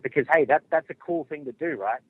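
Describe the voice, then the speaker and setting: A man's voice: a little high, a little fast. An Australian man calling in to a talk show, chatty and blunt. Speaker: caller. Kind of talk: phone-in call. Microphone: phone. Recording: tinny phone line.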